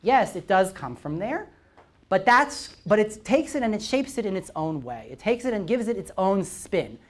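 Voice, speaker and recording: Man, lecturer, Bible lecture, animated up-and-down intonation, keeps saying right and okay, quizzes the audience. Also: high voice, normal speed. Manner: constantly checks in with "right?" and "okay?"; poses questions to the audience. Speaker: visiting lecturer.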